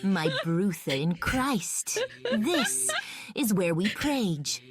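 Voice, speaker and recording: A woman voicing a grand mock preacher in a deep, slow, proclaiming voice. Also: big pitch swings, loud music behind the voice.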